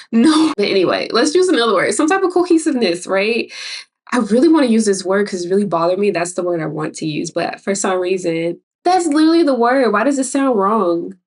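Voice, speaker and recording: A woman's voice: mid-range voice, animated, a little fast, slightly rough, recorded from a distance. A woman from Chicago with a Chicago accent, an artist and graphic designer giving casual, rambling tips in a vlog. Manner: chatty, rambling, self-interrupting with laughs.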